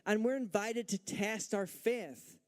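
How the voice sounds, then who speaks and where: A man's voice: high voice, slow. A man preaching a sermon as pastor, emphatic, asking the congregation rhetorical questions and acting out their doubts. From Northern Ireland.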